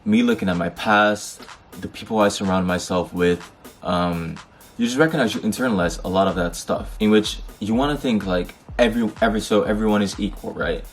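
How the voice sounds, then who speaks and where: Faint music plays behind a fairly low male voice that moves a little fast. A young Dutch vlogger shares personal anecdotes on camera, casual, outspoken and fired up, swearing and using lots of slang.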